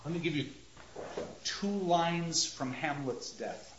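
A male lecturer with a fairly high voice speaks in a deliberate, emphatic way and slows down to stress his points. The sound is roomy and echoey, with a dull, lo-fi tone and faint background noise. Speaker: lecturer on Shakespeare. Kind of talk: classroom lecture. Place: classroom with a marker board.

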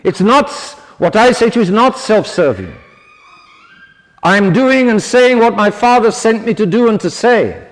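A man's voice: high-pitched, expressive, measured pace. A man preaching a sermon to seminarians, earnest and emphatic, often stopping to restart a phrase. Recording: long hall reverb.

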